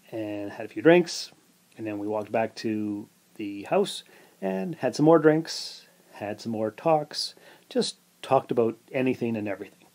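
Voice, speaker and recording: A man's voice: mid-range voice, warm tone. A man hosting his own podcast, casually telling a rambling story full of asides and filler words. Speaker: podcast host.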